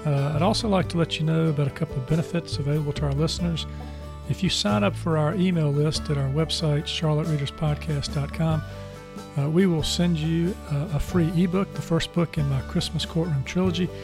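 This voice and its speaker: A man's voice: on the high side, fairly even intonation, brisk, vocal fry. A male podcast host introducing the episode and reading announcements in a chatty way, with many "uh" fillers. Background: guitar music.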